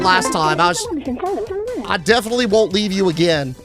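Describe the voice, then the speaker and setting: A young man streaming a game live, chatting casually and answering his chat with shout-outs. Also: high voice, expressive, normal speed, over music.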